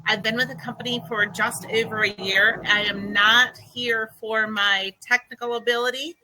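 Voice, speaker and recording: A woman's voice: on the high side, little pitch movement, moderate pace, bright, forceful tone, a little hiss or hum, rough recording. A woman raised in the Midwest with a Southern accent, introducing herself as a client relations manager in a bubbly, sunny way over a video call. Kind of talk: casual self-introduction.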